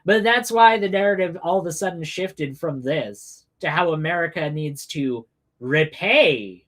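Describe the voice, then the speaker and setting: A man's voice: a little high, measured pace. A man hosting a political livestream, ranting sarcastically with heavy swearing and mock outrage. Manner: sarcastic, swearing, animated rants. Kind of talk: profane political commentary.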